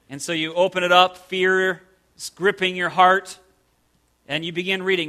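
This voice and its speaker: A man's voice: sits high, steady tone, normal speed, bright, forceful tone. A man preaching a sermon as pastor, stressing single words and asking the listeners rhetorical questions.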